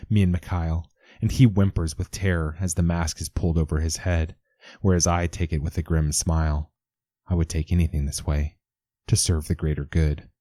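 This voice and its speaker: Low dark-voiced guy reading a story, measured and intense, dry close sound. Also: dry recording. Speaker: narrator. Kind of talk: scripted narration of a first-person story.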